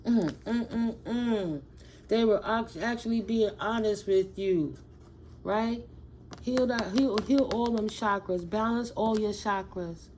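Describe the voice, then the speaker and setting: A woman giving a spiritual tarot reading at an unhurried pace, her middle-pitched voice moving from hushed affirmations to loud, slangy enthusiasm. A faint hiss runs under the recording. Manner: shifts from slow soft affirmations to loud excited slangy talk. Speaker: tarot reader.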